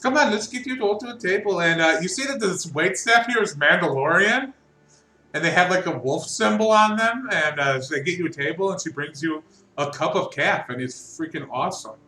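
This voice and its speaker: Man, game master, bright tense voice, slightly high, echoey room, faint hiss. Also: animated. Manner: quick, rambling, lots of fillers. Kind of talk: running a tabletop game over voice chat.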